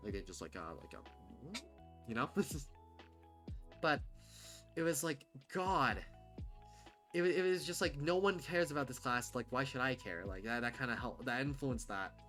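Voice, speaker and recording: Rambling streamer, casual and blunt, mid pitch, faint music in the background. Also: animated, moderate pace, pauses often, fairly bright tone. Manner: rambling, full of "like" and "um", frequent restarts; candid, blunt, swears casually. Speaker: livestreamer.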